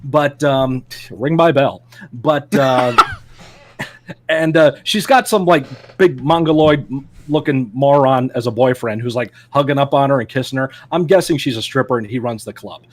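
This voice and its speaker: A man's voice: medium pitch, moderate pace, noisy background. A man co-hosting a wrestling podcast, telling stories in a casual chat, laughing often and acting out quotes. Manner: animated storyteller, laughs often, acts out quotes. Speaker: podcast co-host.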